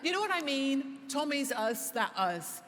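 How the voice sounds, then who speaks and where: A woman talking as a podcast guest before a live audience, impassioned and swearing, laughing, and rising to shouts. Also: high-pitched, sing-song, measured pace. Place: large church hall before a live audience. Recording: echoey hall with audience noise.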